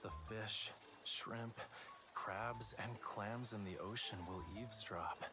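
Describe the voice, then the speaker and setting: An actor voicing a proud, teasing male sea god in a video game, speaking in a calm, measured way. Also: on the low side, background noise. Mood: aloof. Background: game music.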